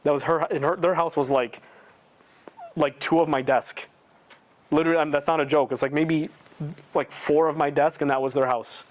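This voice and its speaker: A man's voice: on the high side, fairly even intonation, moderate pace, pauses often. A man teaching a casual religious lesson at a prayer center, talking conversationally and quizzing his listeners with rhetorical questions. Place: indoor community prayer center.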